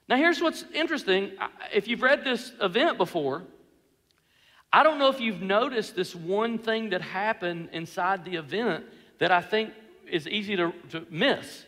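A man preaching a sermon, telling the story in an animated way with self-deprecating humor, in a large hall. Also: high voice, normal speed. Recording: reverberant hall.

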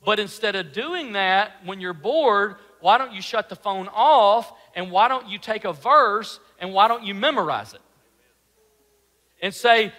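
A male pastor preaching with an unusually high, bright, forceful voice. He fires off rhetorical questions and at times drops to a hushed tone. His words ring out with the long reverb of a large hall. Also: measured pace. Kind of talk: sermon.

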